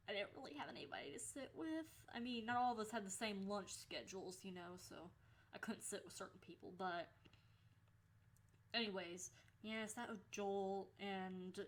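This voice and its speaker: A young woman vlogging, casually telling a story about her school days, swearing freely and laughing as she goes. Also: medium pitch.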